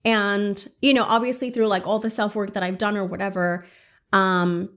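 A woman's voice: mid-range voice, level tone, normal speed, fairly bright tone. A woman co-hosting a casual podcast chat, candid and self-deprecating, often laughing. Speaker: podcast co-host.

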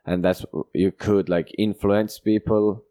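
A man's voice: fairly low pitch, little pitch movement, takes it slowly, dark tone, no echo, studio quality. A man in casual chat, talking hesitantly with many fillers and frequent agreement.

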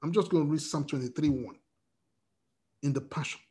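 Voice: medium pitch, moderate pace, dark tone, a little hiss or hum. A preacher giving an emotional, fervent sermon, often restarting phrases.

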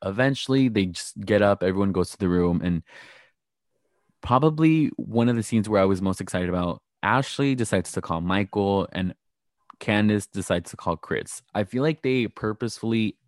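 A man co-hosting a casual chat, recapping a reality show and acting out quotes in a high mocking voice. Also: moderate pace, no echo, clean studio sound. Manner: animated, acts out quoted lines in a high mocking voice.

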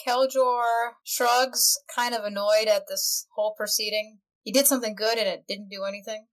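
A woman's voice: fairly high pitch, steady tone, normal speed, poor audio. A woman tabletop player narrating her character's actions in a dry, matter-of-fact way.

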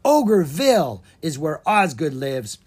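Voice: medium pitch, big pitch swings, measured pace, a little mellow, husky. A reader voicing a dim, hungry male ogre who cooks and speaks in broken, muddled grammar, in a children's storybook reading. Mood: dim-witted.

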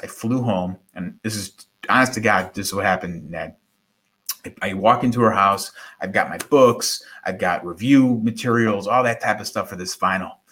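A middle-aged man, a guest, telling a personal story in conversation, animated and acting out quoted voices. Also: lowish voice. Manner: animated, acts out quoted voices, repeats words.

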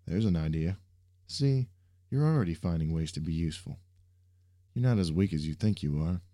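A man's voice: deep voice, lively intonation, normal speed, dark tone. A man voicing an earnest young male superhero who speaks in an insistent, encouraging way.

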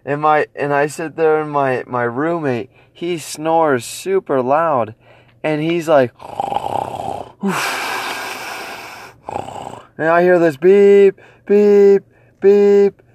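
Young man, vlogger, unhurried pace, animated, rambling, faint street noise. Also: on the high side. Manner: animated, acting out his own reactions, rambling with restarts. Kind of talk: casual storytelling to viewers.

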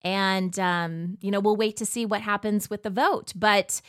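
A woman's voice: mid-range voice, fairly even intonation, measured pace, smooth, no room sound, studio quality. A woman from the United States hosting an online show, talking in a chatty, emphatic monologue full of asides. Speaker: host. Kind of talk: casual monologue commentary.

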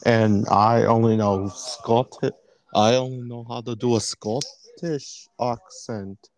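A man chats casually and narrates a fan role-play. He speaks slowly, with a mid-pitched voice and halting, rambling phrasing. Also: steady tone, low-quality recording. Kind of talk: casual chat.

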